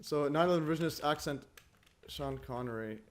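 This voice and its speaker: A man hosts a livestream in loose, casual chat. His voice sits a little high for a man, and he stops and restarts often, with frequent little laughs. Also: a little hiss or hum. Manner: halting, many restarts and fillers, chuckling often. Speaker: livestream host.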